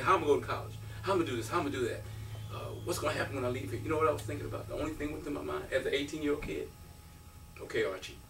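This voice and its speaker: A man in his fifties, a former college basketball player, giving an animated storytelling speech at a breakfast event, acting out quotes and laughing often. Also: fairly high pitch, gravelly, a little hiss or hum. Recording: roomy, from a distance.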